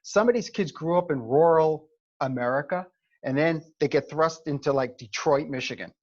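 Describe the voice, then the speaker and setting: A middle-aged man, speaking in a slightly raised voice as an animated storyteller. He often checks in with his listeners as he talks. The sound is a muffled, lo-fi video call recording. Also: a little high, moderate pace. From New York. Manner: animated storyteller, frequent "okay?" check-ins. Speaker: Army recruiting advisor, former first sergeant. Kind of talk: conversational seminar talk.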